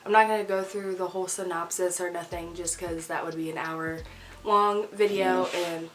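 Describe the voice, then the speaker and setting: A woman's voice: on the low side, fairly even intonation, moderate pace, a bit bright, poor audio. A young woman with a stuffy nose from a cold, chatting casually and rambling about books she read, with frequent giggles and fillers. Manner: rambling, giggly, says like a lot. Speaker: book vlogger. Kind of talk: casual reading wrap-up chat.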